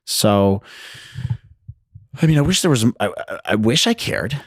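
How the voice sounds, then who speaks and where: A man's voice: lowish voice, big pitch swings, measured pace, husky, no room sound, studio quality. A young man hosting a casual solo podcast, telling a story in a rambling, self-deprecating way and laughing often. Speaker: podcast host. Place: his old high school bedroom.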